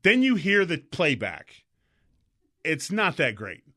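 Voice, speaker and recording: A man co-hosting a talk show, telling rambling, animated anecdotes in casual chat. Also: a little high, takes it slowly. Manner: slips into mock voices.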